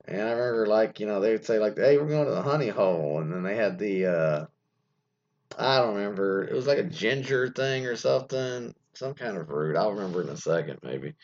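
A man's voice: on the low side, expressive, brisk, a little mellow. A man hosting a radio show in casual solo talk, rambling with many fillers and salty asides. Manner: rambling, loses his thread, lots of fillers and asides; mocking, profane asides. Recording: dull lo-fi sound.

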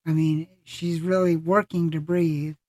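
A podcast host in casual conversation, voice sitting at a middle pitch. The delivery is halting and full of fillers and self-corrections, recorded dry with no room sound. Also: little pitch movement, a little mellow, no echo. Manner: halting, many fillers and restarts.

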